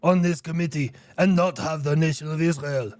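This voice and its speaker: A man's voice: a little high, fairly even intonation, fairly quick, darkish tone. A man in a satirical sketch, incredulous and interrupting with pointed questions.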